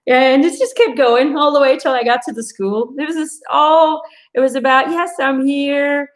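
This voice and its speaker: A woman's voice: high voice, normal speed, poor audio. A middle-aged woman giving a live angel card reading, chatting casually and speaking reassuringly to her viewers. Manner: chatty, animated storytelling with quoted asides; reassuring, addresses viewers directly. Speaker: intuitive card reader.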